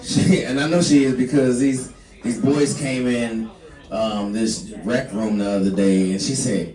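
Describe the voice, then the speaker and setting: A man doing a stand-up set, rambling loosely with lots of fillers. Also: medium pitch. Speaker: stand-up comedian. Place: small comedy club. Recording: echoey club, mic from far off, loud crowd. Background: audience laughter.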